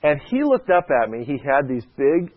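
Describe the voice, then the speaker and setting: A man preaches a sermon in a conversational, storytelling style, frequently checking in with listeners by asking "okay?" His voice is fairly high with big pitch swings and a moderate pace, captured in dull lo-fi sound.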